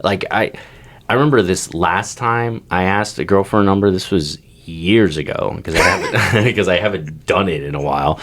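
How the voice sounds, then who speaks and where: A young man co-hosting a casual podcast, telling crude, animated stories and swearing freely. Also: sits low, moderate pace. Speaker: podcast co-host.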